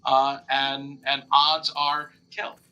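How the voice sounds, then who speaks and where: A man running a tabletop game as dungeon master, narrating lively and acting out monster screams. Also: mid-range voice, slow.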